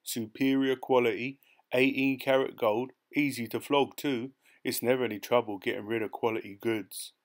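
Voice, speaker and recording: A man's voice: mid-range voice, steady tone, normal speed, natural voice. A man voicing a boastful, cheeky male London pickpocket in an audiobook. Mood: proud. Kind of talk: audiobook character voice.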